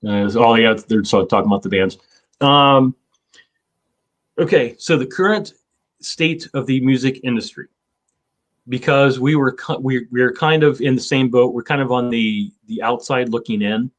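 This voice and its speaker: A man's voice: medium pitch, normal speed. A man in his fifties, hosting a casual chat, rambling with lots of fillers and swearing. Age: 50s. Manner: rambling, profane, with many fillers. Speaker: show host.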